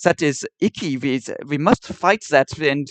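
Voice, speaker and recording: A man putting on a sneering caricature of a bigoted man, speaking slowly in a high, drawn-out, mocking sing-song. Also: a bit bright, dry recording.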